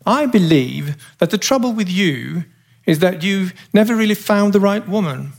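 A man's voice: sits high, lively intonation, moderate pace, gravelly, voice pushed up, exaggerated voice. A man voicing a flighty young English actress with a gushing, cooing manner. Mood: teasing.

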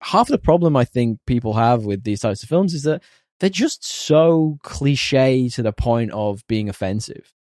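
A man's voice: mid-range voice, animated, measured pace, a little mellow, no room sound, studio quality. A man co-hosting a casual film podcast, blunt and swearing freely as he talks. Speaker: podcast co-host. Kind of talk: casual film review chat.

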